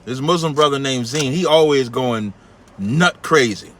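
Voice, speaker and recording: A man's voice: unhurried, a little hiss or hum. A man with a New York accent hosting a call-in radio show, telling a long story in casual talk and acting out the people in it. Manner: animated, acts out quoted people in a much higher voice.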